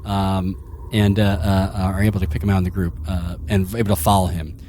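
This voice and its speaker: A man's voice: deep voice, flat delivery, a little fast, mellow, a little hiss or hum. A man narrating as game master of a tabletop game, rambling with lots of fillers. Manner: rambling, full of fillers and restarts.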